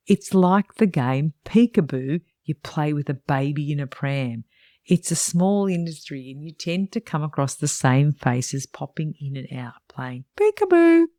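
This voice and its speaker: A woman's voice: deep voice, a little mellow, no room sound, studio quality. A middle-aged woman who mentors salon owners and hosts a podcast, reading her own book aloud in a frank, chatty way with wry asides.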